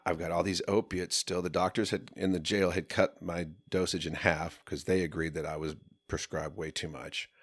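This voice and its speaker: A man telling a long personal story in casual podcast talk, profane and animated, sometimes shouting as he relives moments. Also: deep voice, moderate pace, breathy edge, no room sound. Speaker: podcast guest.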